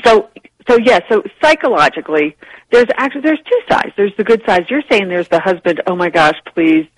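A woman guest on a radio talk show, explaining ideas in a lively, chatty way and laughing easily. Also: medium pitch, brisk, low-quality recording. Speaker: guest, publishing executive. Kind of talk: casual radio interview.

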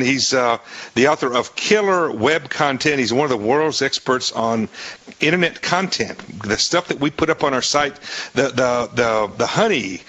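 A man's voice: mid-range voice, sharp tone. A man hosting a radio talk show, folksy and enthusiastic, rambling with frequent restarts.

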